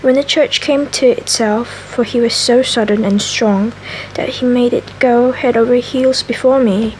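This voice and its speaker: Woman ASMR reader, raspy scraggly voice, very slow, somewhat high, self-correcting. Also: steady tone, a little mellow, a little hiss or hum, low-quality recording. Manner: slow, careful reading with frequent self-corrections. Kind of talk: soft ASMR book reading.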